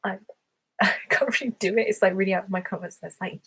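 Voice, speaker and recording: Her voice is mid-range, husky and fairly bright, moving at a fairly quick pace over poor-quality audio. She's an English woman with a southern accent hosting an ASMR livestream, answering viewer questions in a chatty, giggly way full of fillers.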